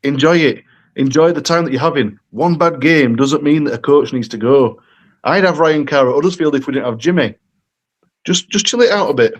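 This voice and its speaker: A man's voice: a little high, a little fast. A man giving laid-back, reassuring opinions as a pundit on a casual sports chat. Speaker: podcast pundit.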